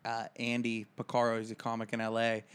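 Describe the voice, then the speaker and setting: A man's voice: medium pitch, monotone, fast talker, smooth. A man co-hosting a casual comedy podcast, joking and riffing between his anecdotes. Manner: jokey, riffs into silly bits. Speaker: podcast co-host.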